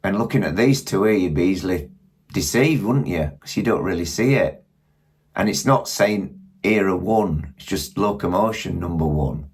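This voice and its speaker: Man, Yorkshire accent, middle-aged, deep voice, chatty casual review, rambling. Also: expressive, normal speed, slightly rough. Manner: chatty, rambling, asks viewers questions. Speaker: model railway channel host. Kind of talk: casual product review talk.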